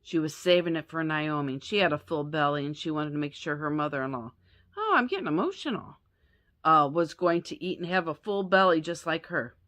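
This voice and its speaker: A woman's voice: low voice, steady tone, a little fast, hardly any pauses, a bit bright. A woman retelling a Bible story as a lesson, chatty and self-correcting, with asides to her listeners.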